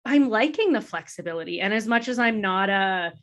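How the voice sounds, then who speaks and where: A woman's voice: medium pitch, expressive, a little fast. Candid, reflective woman podcast host. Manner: candid and reflective, laughs easily. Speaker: podcast host being interviewed. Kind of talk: casual conversational interview.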